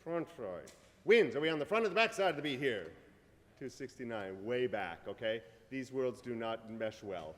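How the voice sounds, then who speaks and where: A man's voice: medium pitch, big pitch swings, moderate pace, a bit bright. Man conducting in a reverberant hall. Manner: sings phrases with nonsense syllables between directions. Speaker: orchestra conductor. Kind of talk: rehearsal instruction. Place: large concert rehearsal hall. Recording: reverberant hall with orchestra playing. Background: orchestra playing.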